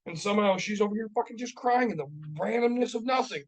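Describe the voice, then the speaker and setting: A man's voice: sits high, fairly quick, poor audio. A man in his thirties co-hosting a casual podcast, telling stories in a heated, profane rant. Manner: profane, ranting, heated storytelling. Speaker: podcast co-host. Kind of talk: casual chat. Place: podcast studio.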